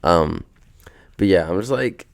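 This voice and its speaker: A man's voice: low-pitched, expressive, measured pace, creaky. A sleepy young man hosting a podcast from a beanbag at home, chatting in a laid-back, rambling, slangy way. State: sleepy, just woken up. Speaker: podcast host. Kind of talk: casual rambling podcast chat.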